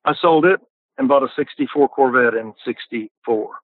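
A man's voice: medium pitch, moderate pace, no echo. An older man telling car stories on a podcast in a folksy way, often repeating words as he starts. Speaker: podcast guest. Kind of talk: casual storytelling. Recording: dry, tinny phone line.

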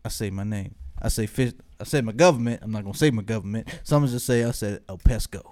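A man telling a story in casual chat with friends, animated and swearing, often breaking into laughter. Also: fairly low pitch, fast talker.

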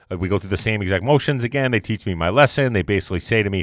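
A man's voice: on the low side, lively intonation, very fast, no room sound, studio quality. A man giving a casual motivational monologue, rambling and repeating himself as he talks. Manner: rambling and repetitive, conversational.

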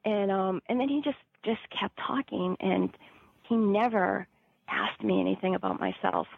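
A woman's voice: medium pitch, very animated, moderate pace, gravelly, husky, no echo, narrow, tinny audio. A woman casually telling a personal story, full of fillers, who acts out the people she quotes. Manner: chatty, many fillers, acts out quoted voices. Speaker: storyteller guest.

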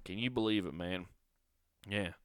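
A man's voice: deep voice, moderate pace, clean tone, no room sound, studio quality. Profane young man riffing on a story. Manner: profane, laughing, rambling asides. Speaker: streamer reacting to a story. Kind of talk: casual reaction commentary.

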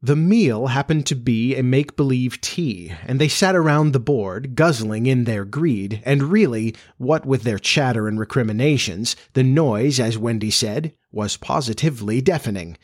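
A man narrating a classic storybook as an audiobook, in a measured, expressive reading. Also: medium pitch, no echo, studio quality.

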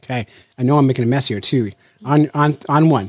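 A man hosting a blindfolded family taste test in a casual, playful way, counting down loudly before each bite. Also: mid-range voice, a little fast, lo-fi sound, faint music behind. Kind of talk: casual family vlog chat.

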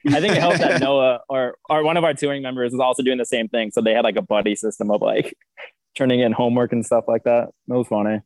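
A man's voice: medium pitch, fairly even intonation, quick pace, no room sound. Young male guitarist, easygoing storyteller, dry close sound over a video call. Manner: laid-back, laughing anecdotes. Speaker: band guitarist. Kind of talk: casual interview chat.

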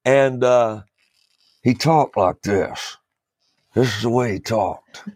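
A man who preaches, telling stories in a relaxed chat, often restarting his sentences and chuckling as he goes. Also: medium pitch, slow, no room sound. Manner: rambling, starts over often, chuckles through stories. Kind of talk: storytelling in a casual panel chat.

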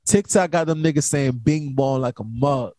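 Young man, podcast host, laid-back slangy rambling, mellow tone, dry close sound. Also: fairly high pitch, normal speed, no room sound. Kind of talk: casual late-night podcast chat.

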